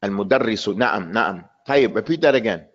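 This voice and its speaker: A man's voice: on the low side, expressive, a little fast, dull audio. A man teaching an online language class, stressing and repeating words over and over to drill his students' pronunciation. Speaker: Arabic teacher.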